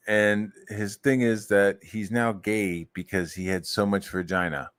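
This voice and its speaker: Male streamer on an angry, profane rant; lowish voice, mocks rivals in falsetto. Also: unhurried, hardly any pauses, a bit bright. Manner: angry, swearing, mocks others in high put-on voices. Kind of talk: profane ranting monologue.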